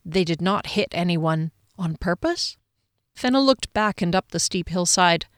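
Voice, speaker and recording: A woman narrating a fantasy audiobook in an expressive, dramatic reading. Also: fairly low pitch, moderate pace, dry recording, studio quality. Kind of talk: scripted narration.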